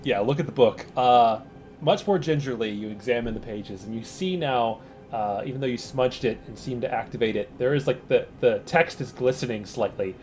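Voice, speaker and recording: Relaxed man running a tabletop game. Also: mid-range voice, normal speed, soft background music. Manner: relaxed and chuckling, with loose fillers. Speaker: game master.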